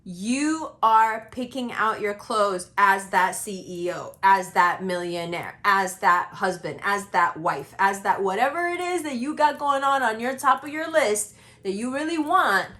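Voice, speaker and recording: Young woman, fairly high voice, casual astrology reader, blunt and emphatic, swears, swings from slow and low to fast and high. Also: a bit bright. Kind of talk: casual tarot reading monologue.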